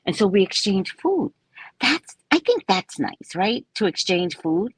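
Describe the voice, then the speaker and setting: Husky-voiced woman telling a chatty story. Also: mid-range voice, unhurried, dry recording. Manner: chatty, animated, acts out quoted people. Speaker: psychic reader. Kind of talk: casual storytelling.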